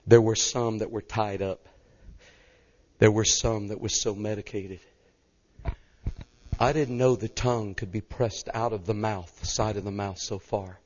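A man's voice: on the low side, measured pace, long pauses, highs cut off. A man from Arkansas, an evangelist telling a story in a sermon and acting out the voices. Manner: animated, acts out voices.

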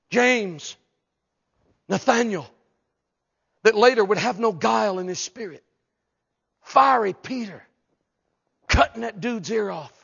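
Animated preacher with a high voice. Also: male voice, gravelly, husky, dull audio. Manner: animated, jokes and acts out voices, shouts for emphasis. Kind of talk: humorous sermon.

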